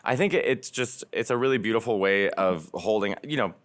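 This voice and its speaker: A man in his thirties from the Chicago suburbs, a comedian guest telling animated stories on a podcast and laughing often. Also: lowish voice, fairly quick. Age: 30s. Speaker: comedian and cookbook author guest. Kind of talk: casual podcast conversation.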